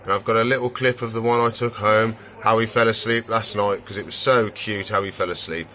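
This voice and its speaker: An exotic pet keeper and vlogger shows off his animals and tanks while chatting casually, his voice on the low side and fairly quick. He rambles in a relaxed way, leaning on lots of "so yeah" fillers.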